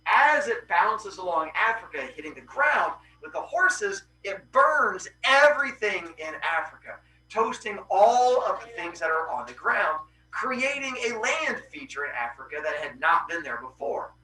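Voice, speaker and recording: A man hosting a podcast, casually retelling Greek myths with animated voices for the characters. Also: sits high, a little slow, hardly any pauses, reverberant, distant mic, rough recording. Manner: animated, acts out characters' cries. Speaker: podcast host.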